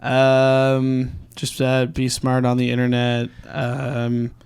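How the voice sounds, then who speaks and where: Flat, gravelly-voiced man, laid-back. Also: medium pitch, slow. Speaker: podcast guest. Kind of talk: casual podcast chat.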